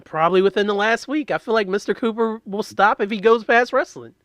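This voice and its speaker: A man co-hosting a podcast, bantering in a dry, deadpan manner. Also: high voice, fairly quick, dry recording. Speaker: podcast co-host.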